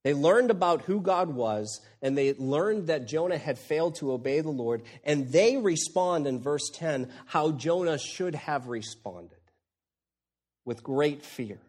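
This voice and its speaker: Animated male preacher, rising pitch. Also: a little slow. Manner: animated, swings from hushed to exclaiming. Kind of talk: expository sermon.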